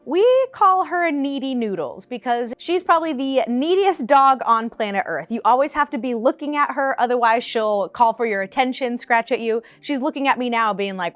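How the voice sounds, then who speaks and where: A woman's voice: high-pitched, moderate pace, no echo. Chatty young woman telling pet stories. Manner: chatty, animated, laughs often. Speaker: vlogger. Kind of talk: casual storytime chat. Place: her apartment.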